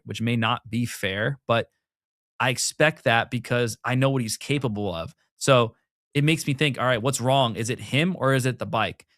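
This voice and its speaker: A curious, measured man in casual conversation, asking questions and thinking aloud. His voice is of middle pitch and sounds dry and close, with no room around it. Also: fairly bright tone, no room sound. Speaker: show co-host. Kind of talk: casual motocross chat.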